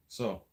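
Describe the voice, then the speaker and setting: A man with a Toronto Canadian accent, ranting to camera in a blunt, profane and sarcastic vlog monologue. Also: mellow. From Greater Toronto Area, Canada. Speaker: vlogger.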